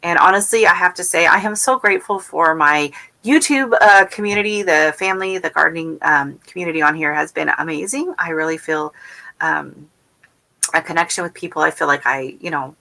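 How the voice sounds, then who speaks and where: A woman hosting a relaxed home livestream for her gardening channel. Her voice sits a little low yet rings bright and forward. She rambles warmly, with lots of "um"s, "you know"s and restarts as she chats with viewers. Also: fairly quick, gravelly. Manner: rambling, warm chatter full of fillers and restarts. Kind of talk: casual livestream chat, reading viewer comments.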